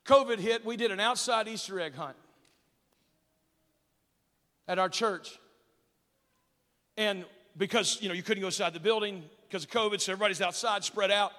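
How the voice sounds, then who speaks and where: A male pastor with a high, bright, ringing voice preaches a storytelling sermon in a church sanctuary. He swings from booming, shouted peaks down to hushed, quiet asides. The sound carries a long, echoing reverb from the large hall. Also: a little fast.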